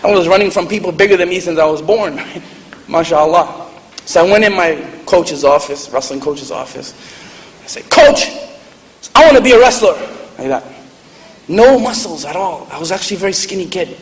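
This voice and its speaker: At a public event in a large hall with an audience, a man with a high voice tells funny stories at a fairly quick pace. He's joking and lively, laughing at his own anecdotes. The hall is echoey, with faint noise.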